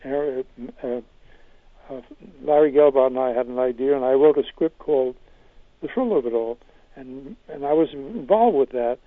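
An older man, a comedy writer, answering interview questions as he tells wry stories with halting restarts, heard over a phone line. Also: medium pitch, no room sound.

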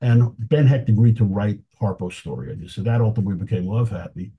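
A man's voice: fairly low pitch, fast, slightly rough, phone-quality sound. A man talking casually as an interview guest, telling anecdotes with enthusiasm and chuckling now and then. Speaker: film historian guest.

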